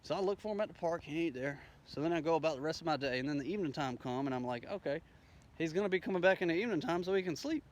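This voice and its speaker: A man's voice: on the high side, lively intonation, rapid-fire, a little hiss or hum. A man telling a rambling, profane story in a casual way, acting out the dialogue as he goes. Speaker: storyteller recounting his day.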